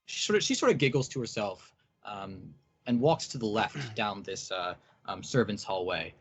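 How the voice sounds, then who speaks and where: A man's voice: lowish voice, expressive, moderate pace, slightly rough. A man narrating as game master, with many hesitant ums and uhs. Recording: dull lo-fi recording.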